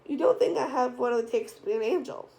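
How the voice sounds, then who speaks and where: A woman's voice: high-pitched, lively intonation, fast talker, creaky, darkish tone. Woman voicing a teasing, dramatic male angel. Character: playful teasing male angel, young man.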